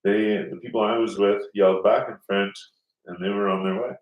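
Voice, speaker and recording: A man's voice: lowish voice, fairly even intonation, a little fast, dull audio. A man telling a rambling story in casual podcast chat, swearing often and acting out the people he quotes. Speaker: podcast host. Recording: roomy, mic at a distance.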